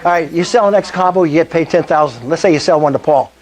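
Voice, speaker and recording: A man's voice: fairly high pitch, fast, darkish tone. An older man giving an enthusiastic sales presentation at a meetup, often asking the audience questions. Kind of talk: sales presentation to a live group.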